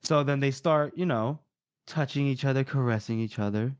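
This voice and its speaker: A man's voice: medium pitch, moderate pace, clean tone, no echo, studio quality. A man co-hosting a casual book podcast, retelling scenes with lots of laughter and acted quotes. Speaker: podcast co-host.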